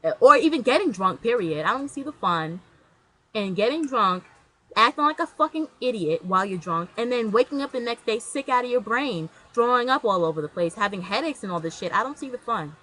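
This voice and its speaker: A woman's voice: on the high side, lively intonation, brisk, fairly bright tone, low-quality recording. A young woman vlogging to her camera in casual chat, blunt and slangy, rambling with restarts.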